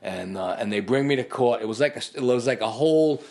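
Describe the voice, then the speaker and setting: A man's voice: medium pitch, fast talker, creaky. Middle-aged man telling a story. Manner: animated storyteller who acts out other people's lines. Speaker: podcast guest. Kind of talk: conversational storytelling.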